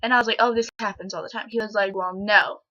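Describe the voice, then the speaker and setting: A teenage girl sits in her bedroom and rambles to her camera as a vlogger, retelling a story casually with lots of fillers and quoted back-and-forth. Her voice is medium in pitch with fairly even intonation, and she talks quickly in a bright, forceful tone. The home recording is dull and lo-fi.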